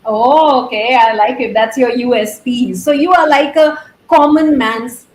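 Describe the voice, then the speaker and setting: A woman's voice: fairly high pitch, unhurried, reverberant, a little hiss or hum, low-quality recording. A woman hosting a talk show interview, chatty, effusive and playful as she introduces and questions her guest. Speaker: host.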